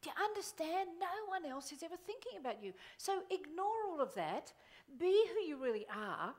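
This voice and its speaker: Lively high-voiced woman speaker. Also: normal speed. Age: middle-aged. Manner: animated, exclamatory, quotes others in funny voices. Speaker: motivational speaker. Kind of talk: live motivational keynote. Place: conference hall before an audience.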